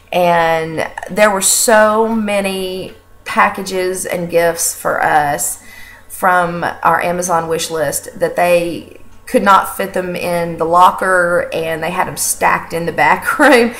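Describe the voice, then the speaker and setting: Woman giving a sanctuary update, kinda low voice, chatty and earnest, lots of ums. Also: a bit bright. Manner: earnest and chatty, many fillers and restarts. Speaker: animal sanctuary director and host. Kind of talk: casual video update.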